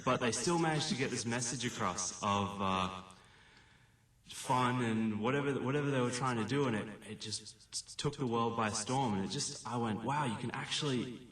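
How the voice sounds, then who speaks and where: A man's voice: mid-range voice, moderate pace, fairly bright tone, echoey room, far from the mic. An Australian man from Perth, a filmmaker guest on a radio interview, talking earnestly with many fillers and restarts. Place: radio studio.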